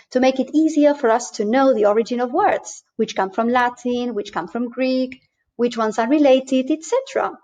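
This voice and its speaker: A fairly high-voiced woman teaches over slides in a mellow, warm tone. She speaks clearly and patiently and slows down to model each sound. The voice-over sounds dull and lo-fi. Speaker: language teacher.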